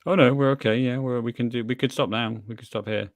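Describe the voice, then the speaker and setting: A man co-hosting a podcast, talking casually in a dry, halting, stop-start way. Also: medium pitch, fairly even intonation, no echo. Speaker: podcast co-host. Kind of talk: casual chat.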